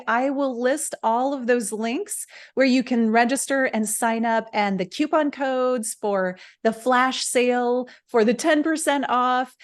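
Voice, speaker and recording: A woman hosting an interview, talking up a course in an upbeat, sales-pitch way and wrapping up the show. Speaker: podcast host. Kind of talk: promotional interview chat.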